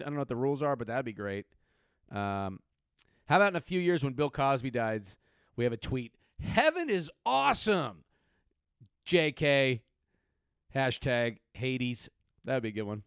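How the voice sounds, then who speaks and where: A man's voice: medium pitch, animated, fast talker, clear, resonant tone, dry recording, clean studio sound. Profane, rambling male podcast comic. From California. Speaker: podcast host. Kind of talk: comedic podcast monologue.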